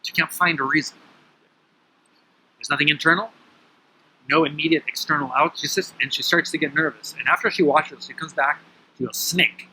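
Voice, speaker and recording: Man, interview guest, very bright tense tone, animated storytelling, acts out dialogue, outdoors, faint background ambience. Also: on the high side, a little fast, long pauses, slight background noise, poor audio. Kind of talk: conversational storytelling. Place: outdoor terrace at his home.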